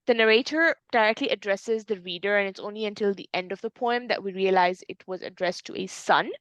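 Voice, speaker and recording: A woman's voice: medium pitch, brisk, fairly bright tone, no room sound, dull audio. A woman tutor explaining a poem in an online lesson, in a patient, explanatory way with some fillers. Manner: explanatory, uses fillers and restarts.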